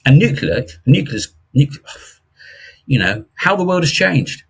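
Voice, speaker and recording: A middle-aged man giving investment views in a casual interview, animated and jokey, with frequent restarts. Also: a little high, unhurried, gravelly, breathy edge. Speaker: investment commentator guest.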